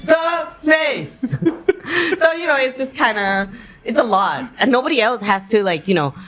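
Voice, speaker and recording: A lively woman from Thailand tells stories in English, breaking into laughter often. She acts out the scenes she describes as a guest in an interview. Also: mid-range voice, a little fast. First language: Thai. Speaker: guest actress. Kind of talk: animated storytelling in an interview.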